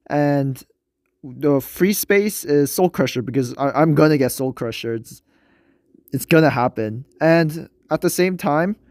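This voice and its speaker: A man's voice: medium pitch, darkish tone, no room sound, studio quality. A young man with a nasal voice talking casually about a mobile game he plays, hesitant and rambling, with many fillers and restarts. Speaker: gaming video creator. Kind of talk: casual gameplay commentary.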